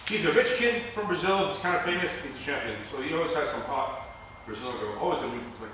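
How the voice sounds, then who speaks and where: A grappling instructor with a fairly high voice talks fast, with background noise, while teaching technique and telling a rambling, profane story punctuated by frequent laughter. The mic sits far off in a very echoey gym.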